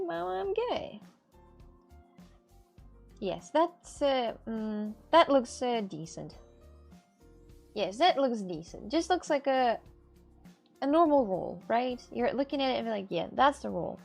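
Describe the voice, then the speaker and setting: A woman's voice: on the high side, very animated, takes it slowly, vocal fry, pauses often, faint music behind. A woman making clay crafts on a live stream, rambling and repeating herself as she talks to her viewers, with a lilt. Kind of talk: casual live-stream chat.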